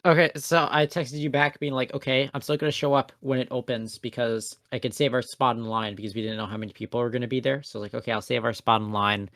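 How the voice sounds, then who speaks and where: A man's voice: mid-range voice, steady tone, fast, few pauses, a bit bright, no room sound. Young man, casual podcast chat, self-mocking storyteller, dry close sound. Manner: rambling, self-mocking, passive-aggressive storytelling. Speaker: podcast co-host.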